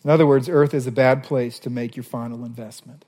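A man preaching a sermon as a pastor, animated, reading scripture passages aloud. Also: medium pitch, brisk, in a large hall.

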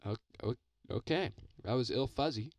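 A man's voice: medium pitch, moderate pace, no echo. A man hosting a mock radio show, stammering and full of ums and uhs. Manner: hesitant, filler-heavy, stammering. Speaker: podcast host.

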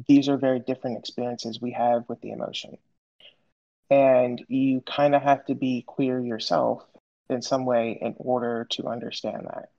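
Flat-voiced man, dull lo-fi sound. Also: medium pitch. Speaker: podcast guest. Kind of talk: casual chat.

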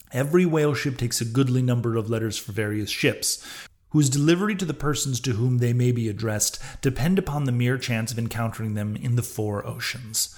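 A man hosting a podcast, reading a classic novel aloud in measured, steady audiobook narration. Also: medium pitch. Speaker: podcast reader and host.

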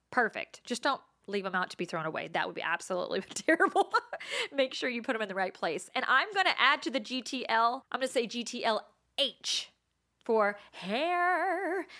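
Bright-voiced woman telling funny stories. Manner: animated, laughs often, acts out voices in high pitch. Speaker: podcast host. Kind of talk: casual storytelling monologue.

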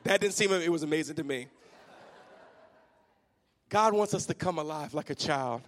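A man's voice: a little high, expressive, normal speed, a bit bright. A man in his thirties, a pastor, telling a funny personal story that builds into fervent preaching. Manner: humorous, self-mocking asides. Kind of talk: sermon.

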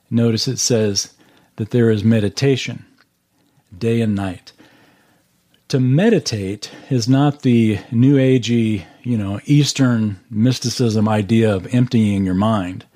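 A man's voice: lowish voice, mellow. A man teaching a Bible class over a video call, earnestly walking through verses and explaining them step by step.

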